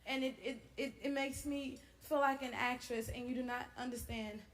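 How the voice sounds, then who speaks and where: A woman's voice: high voice, fairly even intonation, normal speed. A woman giving an award acceptance speech, emotional and gushing with gratitude. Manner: emotional, gushing, breathy with joy. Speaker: award winner.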